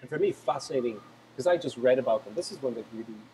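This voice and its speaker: A man's voice: medium pitch, animated, noisy background. A man who is a language YouTuber, telling travel stories with enthusiasm in a casual video call chat. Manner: fast, enthusiastic storytelling.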